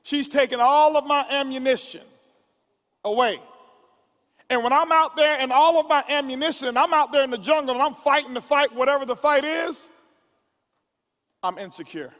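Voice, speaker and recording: A man's voice: extremely high pitch, moderate pace, pauses often, fairly bright tone. A man giving a motivational speech to a conference audience, stumbling through repeated words and building up like a preacher. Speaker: motivational speaker. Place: large conference hall. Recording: long hall reverb from a live event.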